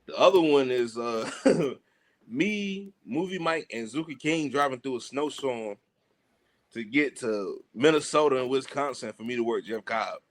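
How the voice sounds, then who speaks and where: A man, a wrestling guest, telling funny road-trip stories in casual chat with an animated, laughing manner. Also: mid-range voice, unhurried. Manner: animated, laughing, lively storyteller.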